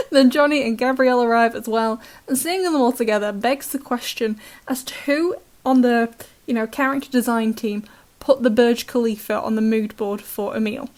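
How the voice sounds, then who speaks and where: Casting: British woman, higher voice, sarcastic chatty recap host. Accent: British English. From Britain. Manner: chatty, sarcastic, laughs often.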